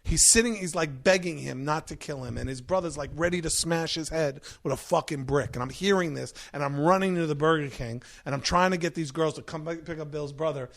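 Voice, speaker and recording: A man who is a podcast guest, telling a story in a lively, profane way. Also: a little high, brisk, gravelly, few pauses. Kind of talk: storytelling in casual chat.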